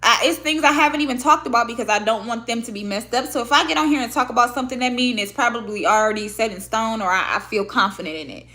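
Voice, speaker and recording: Vlogging to camera from her own desk microphone, a Michigan woman who vlogs and podcasts talks casually, candidly and expressively, with plenty of swearing. Her voice is fairly high, and she talks fast with few pauses.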